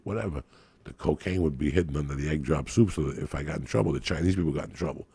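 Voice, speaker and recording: A man's voice: rumbling low, fast, vocal fry, warm tone, husky, no room sound. A man, a stand-up comedian, telling crude, profane stories on a podcast and laughing at his own jokes.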